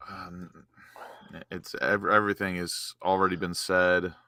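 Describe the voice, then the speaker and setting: A man's voice: low voice, flat delivery, measured pace, sharp tone. A man in a casual post-match chat, angry, sighing and swearing heavily.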